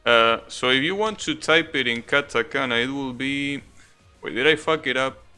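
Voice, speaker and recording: A man's voice: medium pitch, moderate pace, pushed and bright, clean tone, soft background music. A young man live-streaming a game, chatting casually with viewers in a rambling, self-correcting way, swearing now and then.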